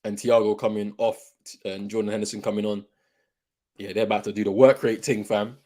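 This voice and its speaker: Young man, watchalong host; slangy, excitable, repeats lines, jumps from shouts to mutters. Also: lowish voice, fairly quick. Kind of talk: live football watchalong commentary.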